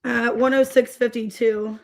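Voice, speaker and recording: A woman's voice: a little high, little pitch movement, unhurried, gravelly. Chatty woman giving a tarot reading. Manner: chatty, rambling, greets viewers mid-reading. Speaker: tarot reader.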